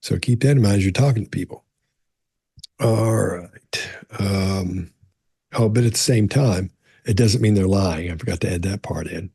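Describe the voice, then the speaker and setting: With a deep, husky, creaky voice and dark tone, a middle-aged man speaks at a moderate pace, leaving long pauses, in a dry recording. He answers questions about body language casually to camera and tells stories, frequently restarting and using "you know."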